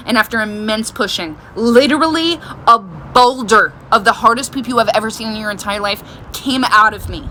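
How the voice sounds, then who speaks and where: A young woman vlogger telling a personal story in a frank, animated, exaggerated way. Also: mid-range voice, brisk, few pauses, a little hiss or hum. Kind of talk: casual storytelling.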